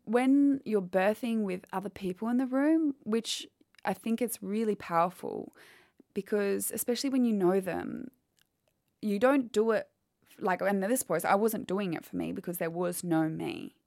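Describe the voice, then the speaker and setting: A woman's voice: mid-range voice, normal speed, darkish tone, dry recording, clean studio sound. A woman, telling a painful personal story candidly in an interview. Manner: candid, quotes others as she retells. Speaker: guest.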